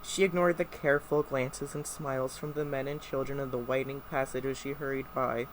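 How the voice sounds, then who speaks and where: Co-reader, steady narration, mid-pitched voice, faint noise behind. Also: rough recording. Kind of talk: live read-aloud of a novel.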